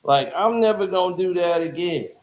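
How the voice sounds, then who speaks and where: A man's voice: high-pitched, lively intonation, moderate pace, echoey room, poor audio. A man hosting casual commentary in a laid-back, conversational way.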